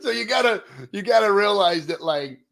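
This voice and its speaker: A middle-aged American man with a voice pitched a bit higher than most men runs a casual live-stream chat. He rambles with plenty of fillers and restarts, jokes around and hypes up his guest. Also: expressive, moderate pace, gravelly, a crowd in the background. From United States. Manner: jokey and hyped. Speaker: show host.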